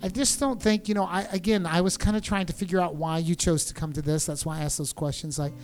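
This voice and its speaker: An American man answering interview questions in a relaxed, joking way, with many restarts and faint guitar music behind. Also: high voice, fast talker. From United States. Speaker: interview guest, performer. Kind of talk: casual conversational interview.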